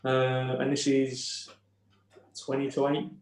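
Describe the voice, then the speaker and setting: Soft-spoken man, echoey room. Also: mid-range voice, completely flat delivery. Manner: halting, emotional retelling with many restarts. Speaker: podcast guest. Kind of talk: personal storytelling.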